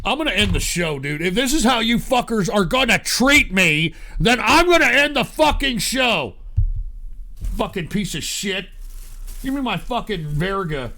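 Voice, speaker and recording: A slightly drunk man hosting a show yells and swears at his online audience in a bitter, angry rant. His high voice swings widely in pitch and runs a little slow.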